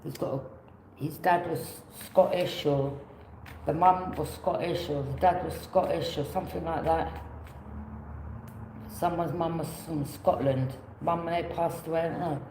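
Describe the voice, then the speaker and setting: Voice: medium pitch, steady tone, unhurried, darkish tone, roomy sound, slight background noise, poor audio. A tarot reader giving a casual reading, rambling, repeating phrases and offering loose alternatives.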